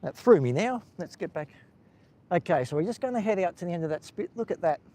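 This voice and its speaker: A man's voice: high voice, expressive, fast, dark tone. Chatty Australian man on a beach walk. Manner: chatty, rambling, chatting with viewers. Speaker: live-stream host. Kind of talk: casual live-stream walking commentary. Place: outdoors on a coastal beach.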